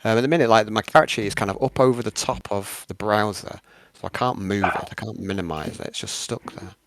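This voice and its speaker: A man talking quietly and hesitantly as a tabletop player. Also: fairly low pitch, fast talker, background noise.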